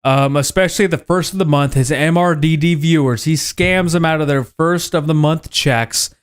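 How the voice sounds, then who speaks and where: A man's voice: a little high, normal speed, clear, resonant tone. A man calling in to heckle the host, crude and insulting, swearing often. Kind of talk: profane heckling rant.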